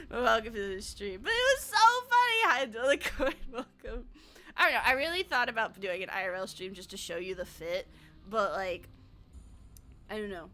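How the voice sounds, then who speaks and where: Woman VTuber, chatty and swear-happy, high and lively delivery, laughs often. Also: normal speed. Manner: rambling, laughs a lot, swears freely. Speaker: VTuber streamer. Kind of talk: casual stream chat while gaming.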